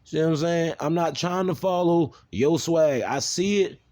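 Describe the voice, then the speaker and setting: A man's voice: on the high side, unhurried, darkish tone. A man from the South, talking bluntly and profanely in an unscripted video monologue. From American South. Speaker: video maker.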